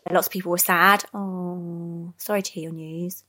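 A mother talking calmly in a measured way about having a new baby. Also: fairly low pitch. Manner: calm, measured, many ums. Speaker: interviewee, mother. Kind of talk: casual chat.

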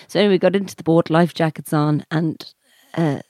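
A woman's voice: low voice, brisk, few pauses, mellow, dry recording, clean studio sound. A woman with an Irish accent telling a rambling story in casual chat, full of "like" and "so anyway".

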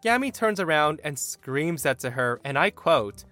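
A man reads an online story aloud with animated, expressive delivery, his voice bright and pitched a bit high. His pitch swings widely as he tells it, over faint music underneath. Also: unhurried, hardly any pauses. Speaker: narrator. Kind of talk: reading a Reddit story aloud.

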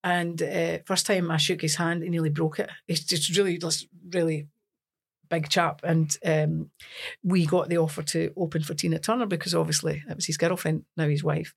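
A Scottish woman from Scotland, a singer as an interview guest, telling lively stories with laughs in casual chat. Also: low voice, moderate pace, vocal fry, slightly rough. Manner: lively storytelling with laughs and acted-out quotes.

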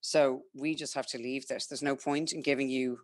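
A woman's voice: extremely low pitch, fairly even intonation, normal speed, darkish tone, no room sound, studio quality. A young Irish woman telling her own story frankly and chattily, quoting herself and others as she goes. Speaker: guest sharing her story. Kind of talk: candid personal storytelling.

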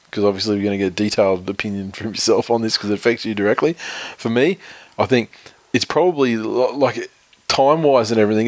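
A low-voiced Australian man rambles through a casual sports chat, swearing freely and pushing his opinions. The sound is dry and close, with no room around it. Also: no echo.

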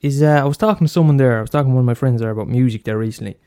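Very fast and warm in tone, a man with a mid-range voice hosts a solo podcast. His rambling is loose and profane, packed with swearing, fillers and restarts.

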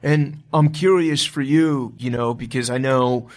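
A man's voice: medium pitch, fairly even intonation, unhurried. Guy hosting an interview, chill and friendly, lots of yeahs and wows. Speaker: interviewer host. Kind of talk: casual interview.

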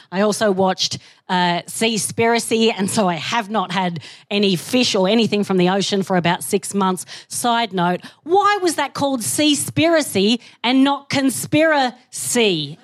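A woman performing stand-up comedy on a theatre stage before a live audience, animated, self-mocking and swearing freely. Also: a little high. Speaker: comedian and co-host.

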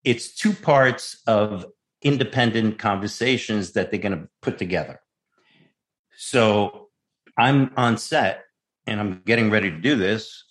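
A man's voice: fairly low pitch, measured pace. A male actor, a guest, telling a casual anecdote and acting out the voices as he goes. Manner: animated storyteller, acts out voices.

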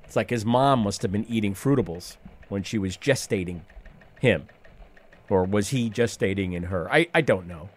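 A man's voice: lowish voice, moderate pace. A man in his fifties hosting a radio call-in show, talking in a wry, rambling way with profane asides. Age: 50s. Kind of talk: rambling talk radio monologue.

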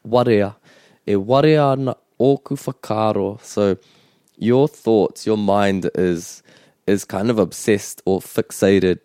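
Man, lowish voice, as a patient language teacher who repeats words slowly. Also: dark tone, no room sound, studio quality. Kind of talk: bilingual language lesson chat.

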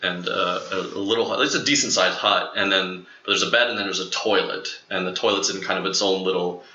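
Young guy rambling thru a story, lotsa fillers, pops up high doing quotes, bright voice, roomy kinda muffled sound. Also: brisk, a little hiss or hum. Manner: rambling, animated, acts out quotes in a higher voice. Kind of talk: casual storytelling.

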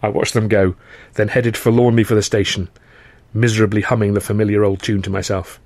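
A man reading his own novel aloud in measured, wry first-person narration. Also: on the low side, flat delivery, a little mellow, no room sound.

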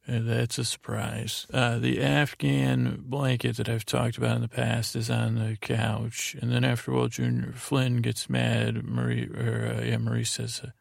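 A man hosting a sleep podcast, recapping a show in a meandering, halting way with lots of fillers and restarts. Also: mid-range voice, level tone, gravelly, no room sound, clean studio sound. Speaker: podcast host.

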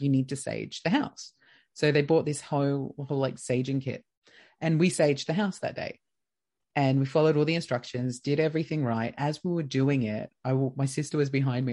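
Animated Australian woman telling a story. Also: extremely low pitch. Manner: lively, acts out quoted dialogue. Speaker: podcast guest. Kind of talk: casual storytelling.

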